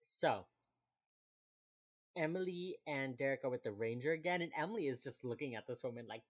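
A young woman with a strikingly low, deep voice chats casually on a podcast. She recaps scenes in a loose, talkative way, laughs often and acts out what the characters say. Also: animated, fairly quick. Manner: chatty, laughs often, acts out quoted lines. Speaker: podcast co-host recapping a TV episode. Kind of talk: casual chat.

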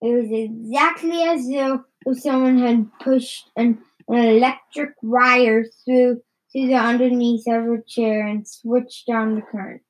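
A woman reading a children's story aloud in a halting way, often stumbling and repeating words. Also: fairly high pitch, steady tone, poor audio. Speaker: reader.

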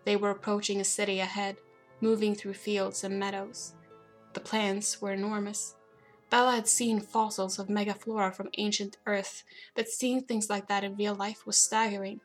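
Woman narrator, audiobook reading, steady and even, monotone contour, soft music underneath. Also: medium pitch, moderate pace. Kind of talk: storybook narration.

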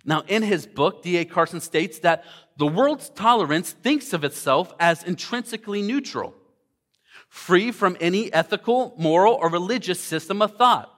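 A man's voice: high voice, lively intonation, moderate pace, fairly bright tone. A male pastor preaching a sermon, emphatic, repeating key words and addressing the congregation directly.

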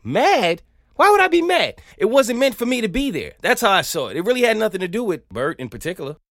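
He sits high in pitch and moves at a quick pace, a Southern US podcast host spinning animated stories in a casual, comic monologue and sometimes singing bits of songs. The sound is clean and studio-like, without any room sound.

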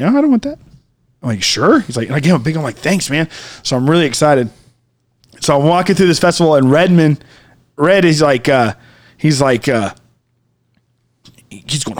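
Male storyteller, a bit high-pitched, casual and animated, breaks into shouts. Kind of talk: casual podcast chat.

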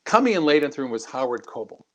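A man, a former congressman, telling stories in an interview with an animated, anecdotal manner and frequent restarts. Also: mid-range voice, very fast. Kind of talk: interview storytelling.

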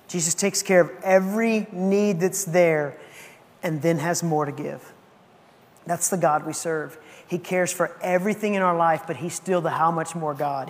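A man preaching a sermon as a pastor. He retells the story casually and acts out the voices, swinging between loud emphasis and hushed asides. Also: high voice. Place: church sanctuary. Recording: long hall reverb.

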